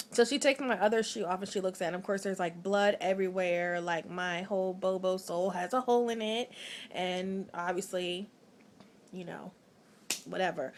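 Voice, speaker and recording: Chatty woman telling a story. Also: mid-range voice. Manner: chatty, animated, frequent "like" fillers. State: tired late at night. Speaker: vlogger. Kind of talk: casual personal storytelling.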